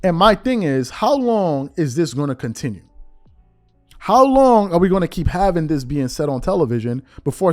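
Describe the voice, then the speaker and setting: A man's voice: a little high, very animated, normal speed, faint music behind. A man hosting a commentary show, giving emphatic, opinionated sports commentary in a slangy, conversational way and firing off repeated rhetorical questions.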